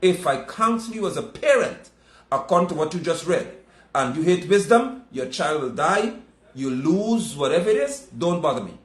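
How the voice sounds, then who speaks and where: A man's voice: a little high, expressive, moderate pace, fairly bright tone, echoey room. A man preaching a sermon, emphatic and scolding, repeating his points.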